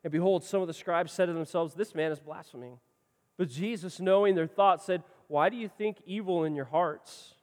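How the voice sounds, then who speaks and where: A man preaching a sermon as pastor, swinging between loud passionate lines and quiet ones. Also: high voice, moderate pace, big-room sound.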